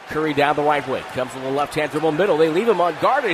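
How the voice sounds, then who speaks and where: A man calling live basketball play-by-play in rapid clipped phrases, rising to shouts on big plays. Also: fairly high pitch, animated. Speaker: play-by-play announcer. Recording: broadcast with arena noise behind. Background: arena crowd and ball bounces.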